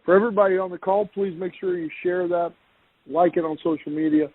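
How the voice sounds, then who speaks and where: A man's voice: high-pitched, fairly even intonation, fast talker, slightly rough, no echo. A man hosting a podcast interview, enthusiastic and welcoming toward his guest. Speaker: podcast host. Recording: dry tinny phone-like line.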